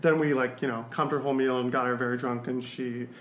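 A man's voice: medium pitch, fairly even intonation, quick pace, a bit bright, reverberant, a little hiss or hum. A young man chatting casually as a guest, rambling with lots of fillers and restarts. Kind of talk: casual storytelling chat.

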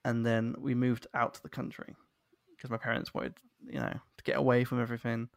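English guy hosting a chatty podcast, bit gravelly, dry close sound, lots of ums. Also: mid-range voice, big pitch swings, a little fast, no room sound. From London, England. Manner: chatty, self-deprecating, many fillers. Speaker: podcast host. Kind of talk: casual interview chat.

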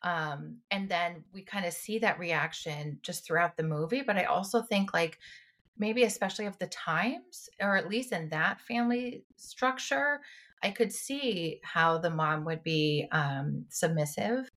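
A woman's voice: on the low side, unhurried. Emotional woman co-hosting a podcast. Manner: emotional, expressive retelling. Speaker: podcast co-host, clinician. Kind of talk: casual chat.

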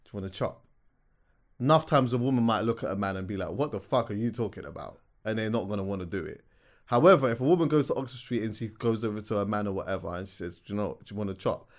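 A man's voice: fairly low pitch, animated, fast. A man co-hosting a podcast, explaining his point in chatty casual talk with frequent agreeing interjections. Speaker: podcast co-host.

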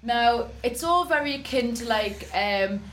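A woman's voice: on the high side, animated, a little slow, fairly bright tone, slight background noise. A woman co-hosting a comedy podcast in casual chat, giggly and rambling, often cutting herself off mid-sentence. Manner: giggly, rambling, self-interrupting. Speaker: podcast co-host.

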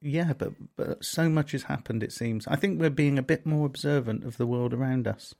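Brief: gravelly West Country man, dry teasing podcast co-host. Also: medium pitch, normal speed, darkish tone. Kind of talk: casual comedy podcast banter.

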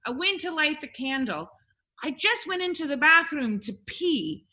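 American woman, podcast co-host, animated storyteller, bright tone. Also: sits high, moderate pace. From United States. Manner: animated storyteller, laughs often. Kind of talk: casual chat.

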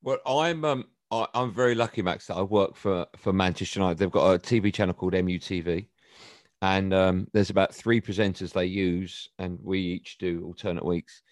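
A middle-aged English man chatting on a podcast, telling stories with a teasing, animated manner. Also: deep voice, moderate pace, no room sound, clean studio sound. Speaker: guest. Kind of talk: casual podcast chat.

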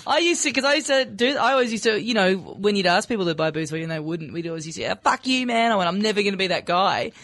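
A man, a co-host, telling a self-mocking anecdote in a relaxed way. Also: high voice, rapid-fire, few pauses, no room sound.

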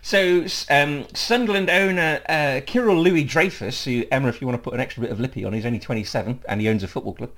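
A man's voice: medium pitch, fast talker, few pauses, a bit bright. An English man hosting a casual football podcast, laughing often and rambling with fillers. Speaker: podcast host.

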